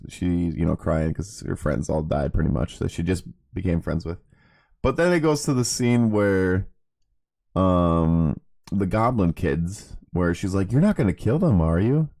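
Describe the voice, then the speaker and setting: A man's voice: sits low, measured pace, gravelly, a little mellow. A man co-hosting a casual anime talk, hesitant and hedging as he talks. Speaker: podcast co-host.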